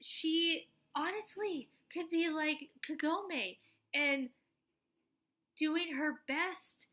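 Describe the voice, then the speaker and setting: A woman vlogger ranting casually about an anime, exasperated, swearing freely, and now and then bursting into shouts. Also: high voice, drawn-out words. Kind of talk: casual anime review rant.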